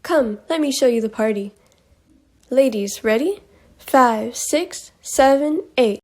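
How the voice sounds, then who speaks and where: A woman's voice: on the high side, expressive, takes it slowly, darkish tone. A teenage girl playing a cheerful, inviting party hostess in a school play. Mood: welcoming. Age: teens.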